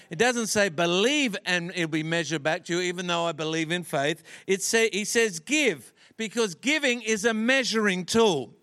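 Male visiting pastor, high voice, slow emphatic sermon delivery. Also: fairly bright tone. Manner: preaching with slow emphatic pauses and acted-out story voices. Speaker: guest pastor.

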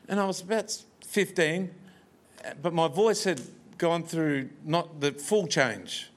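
A man's voice: fairly high pitch, expressive, measured pace. A man preaching a storytelling sermon with humorous, self-deprecating asides and frequent chuckles.

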